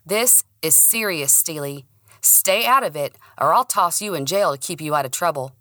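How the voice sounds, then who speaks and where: A woman's voice: sits low, expressive, moderate pace, a bit bright, no echo, studio quality. A woman voicing a stern, bullying male police detective in an audiobook, curt and threatening.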